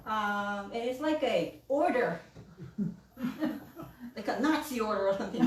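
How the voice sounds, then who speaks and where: A woman's voice: fairly high pitch, sing-song, unhurried, long pauses, a little mellow, roomy sound, recorded from a distance, rough recording. A woman minister giving a casual sermon, chatty, laughing often and acting out the voices she quotes.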